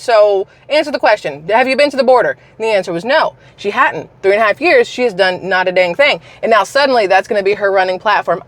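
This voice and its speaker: Woman venting to her viewers, scornful and emphatic, mid pitch, dry close sound. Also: expressive, fast, few pauses, no room sound. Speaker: political commentary vlogger. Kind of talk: casual opinion rant to camera.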